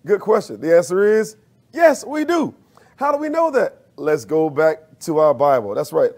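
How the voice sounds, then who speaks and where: A man's voice: on the high side, very animated, moderate pace, darkish tone. A man preaching a sermon as minister, using call-and-response and rising to emphatic peaks.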